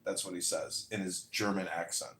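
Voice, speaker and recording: Boastful rambling man, lowish voice. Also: fairly even intonation, normal speed, pushed and bright, roomy sound. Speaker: audio chat room speaker. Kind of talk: casual chat.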